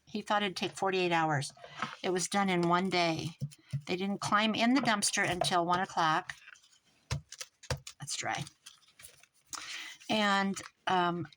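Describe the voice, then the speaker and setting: A middle-aged American woman telling a long story in casual chat, rambling and animated, with restarts and quoted dialogue. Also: mid-range voice, a little hiss or hum, low-quality recording. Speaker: crafting vlogger.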